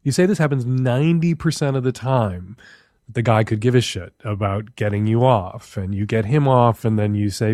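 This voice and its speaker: A man's voice: mid-range voice, moderate pace, mellow, dry recording, studio quality. A man hosting an advice show, reading an ad and then questioning a caller in an emphatic, skeptical way. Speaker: host. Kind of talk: host read ad and advice commentary.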